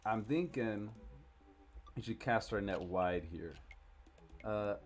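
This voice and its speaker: A man with a fairly low voice plays through a game on a live stream, reading and cracking jokes. He talks casually and loosely. A faint hiss runs under the recording. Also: animated, slow pace. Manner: joking, casual. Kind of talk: live game playthrough commentary.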